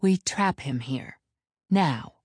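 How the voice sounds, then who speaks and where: A woman's voice: low-pitched, expressive, slow, a little mellow, breathy edge, dry recording, clean studio sound, full character voice. A woman voicing a stern, commanding female elder witch who speaks in clipped, authoritative lines in an audiobook.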